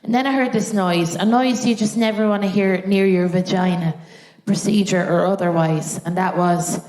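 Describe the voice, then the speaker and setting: A woman's voice: medium pitch, fairly quick, a little mellow. An Irish woman performing a live stand-up set on a theatre stage, telling a story with acted-out voices. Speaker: stand-up comedian. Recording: roomy live theatre sound.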